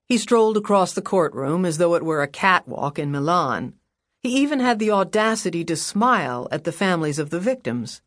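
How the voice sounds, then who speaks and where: A woman reading a crime novel aloud as audiobook narrator, measured and wry. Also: fairly low pitch, animated, dry recording, studio quality. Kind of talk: scripted narration. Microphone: close studio mic.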